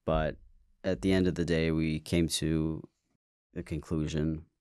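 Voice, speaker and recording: A man's voice: extremely low pitch, flat delivery, a little slow, a little mellow, smooth, no echo, clean studio sound. A man hosting his own show, telling a personal story in a candid, casual way, swearing and stammering as he goes. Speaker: podcast host.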